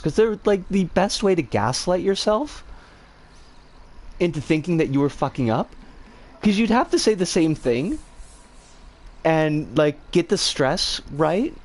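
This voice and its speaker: A woman streaming live and chatting with her viewers, her pitch leaping all over the place from high squeals down to low mutters. She talks in a rambling, self-deprecating way, exclaims often and swears freely. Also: darkish tone. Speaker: livestreamer. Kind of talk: casual livestream chat, reacting to chat.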